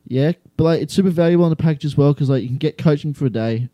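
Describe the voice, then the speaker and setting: A young man with an Australian accent, chatting casually as an interview guest, relaxed and full of fillers. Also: a little high, rapid-fire, no echo, muffled recording. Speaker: guest, skydiving student.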